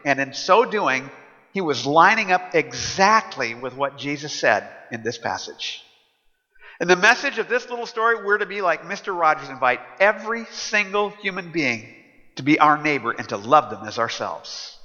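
This pastor's sermon is casual storytelling, heavy on fillers, spoken in a high, sharp, sing-song voice at an unhurried pace. The audio is muffled, with the echo of a large hall.

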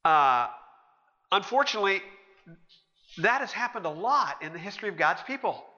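High, bright-voiced preacher in a reverberant hall. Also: male voice. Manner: animated storytelling, acting out quoted characters. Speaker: pastor. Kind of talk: sermon. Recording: muffled, with long hall reverb.

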